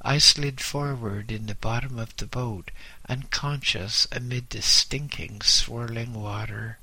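A man narrating a first-person story in a slow, grave, dramatic reading style. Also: mid-range voice, fairly even intonation, bright, forceful tone, no echo. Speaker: audiobook narrator.

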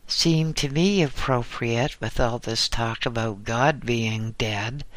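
A man's voice: mid-range voice, takes it slowly, fairly bright tone, no echo. A man voicing a visiting male clergyman who talks in a dry, distracted way. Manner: dry, changes subject.

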